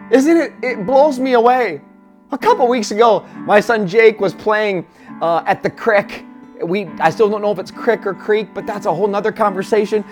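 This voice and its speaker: A man delivers a heartfelt sermon at a middle pitch, moving from quiet, reflective asides to impassioned, near-shouted declarations. A gentle guitar plays faintly behind him. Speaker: pastor.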